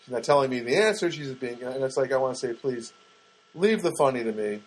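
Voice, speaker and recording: A man's voice: mid-range voice, animated, quick pace, poor audio. A man, a comedian, telling a wry, rambling anecdote with many asides and acted-out dialogue. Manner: digressive, wry, full of restarts and acted-out quotes.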